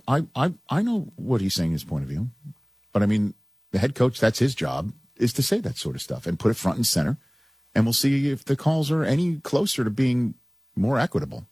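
A man hosting a sports radio talk show, taking calls and pushing back in a conversational way with quick restarts. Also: on the low side, a little mellow, husky, no room sound.

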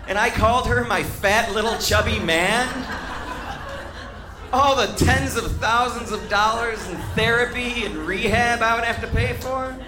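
A male stand-up comedian performing a set to a live audience, laughing through his punchlines. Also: very high-pitched. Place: comedy club stage with audience. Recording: echoey live club with crowd noise.

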